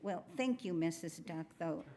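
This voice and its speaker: A woman's voice: on the low side, animated, a little slow, warm tone. A woman voicing an exceedingly polite male farm pig with a formal, courteous manner. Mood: courtly.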